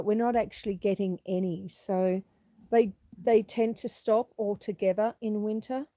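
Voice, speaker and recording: A woman's voice: medium pitch, mellow, no echo. A middle-aged woman with a cough, chatting casually on a live stream as she walks around her homestead and reads out viewer comments. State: fighting a cough. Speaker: homesteader hosting a live walk-and-talk. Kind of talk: casual live-stream chat while walking. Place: outdoors on a farm with cows nearby.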